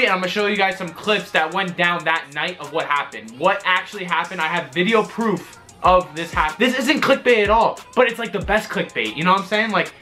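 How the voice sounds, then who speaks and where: A young man, excitedly telling a story on his vlog, swearing and exaggerating. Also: high-pitched. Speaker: vlogger.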